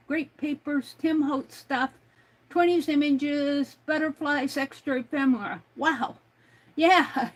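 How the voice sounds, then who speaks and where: Slow-talking woman hosting a craft stream. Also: high voice, rough recording. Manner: thinks aloud, reads chat messages out. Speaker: crafting livestream host. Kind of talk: casual chat while crafting.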